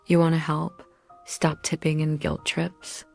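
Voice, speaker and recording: Woman reading as a tired, blunt diner waitress, low flat voice, gravelly, husky, steady delivery. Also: unhurried, faint music behind, full character voice.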